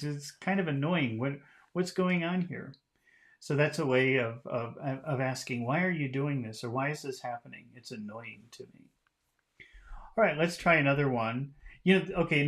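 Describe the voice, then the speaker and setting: A man giving a casual English lesson, explaining phrases in a relaxed way and often chuckling. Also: mid-range voice. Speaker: English teacher.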